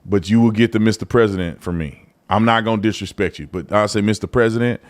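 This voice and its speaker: An adult Texan with a Texan accent hosts a live political commentary show, speaking fast in a lowish voice. His delivery is blunt, mocking, and full of slang.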